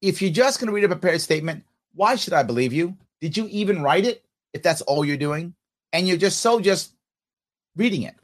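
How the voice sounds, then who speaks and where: A podcast host with a New York accent talks bluntly over speech clips. His pitch swings widely and sits a little high for a man. He talks with open scorn and keeps pushing his point. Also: lively intonation, fairly quick.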